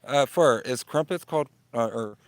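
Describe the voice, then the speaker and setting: A man's voice: medium pitch, moderate pace, no room sound. A man co-hosting a casual vlog chat, firing blunt questions and reading viewer comments aloud.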